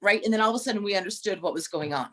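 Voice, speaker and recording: A middle-aged woman in relaxed conversation at an ordinary mid-range pitch. She tells stories freely, restarting her sentences and slipping into lively voices for the people she quotes. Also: rapid-fire. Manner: storytelling with frequent restarts and animated quoted voices. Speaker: podcast co-host. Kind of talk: casual chat.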